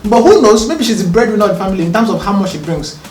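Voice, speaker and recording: A man, a podcast co-host talking calmly and earnestly, often checking whether he is understood. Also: sits high, rapid-fire, slight background noise. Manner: calm, earnest, explaining with rhetorical checks. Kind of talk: casual conversation. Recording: roomy, distant mic, faint music.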